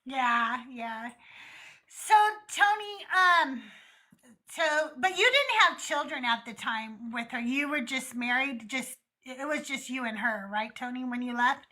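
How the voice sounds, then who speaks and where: A woman's voice: high-pitched, a little slow. A middle-aged woman hosting a casual call-in chat, telling stories bluntly and swearing freely. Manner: candid, blunt, swearing freely, animated storytelling. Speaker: host.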